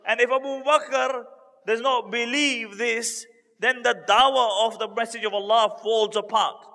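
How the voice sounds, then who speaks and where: A man giving a religious talk as a story, repeating key points for emphasis and building to lively retellings. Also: very high voice, measured pace, in a large hall. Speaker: Islamic preacher.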